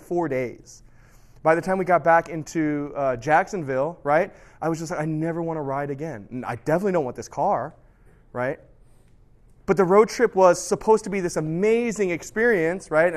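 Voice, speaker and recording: Male pastor, slightly high voice, casual storytelling sermon, checks in with the room. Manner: conversational storytelling, often asks "right?".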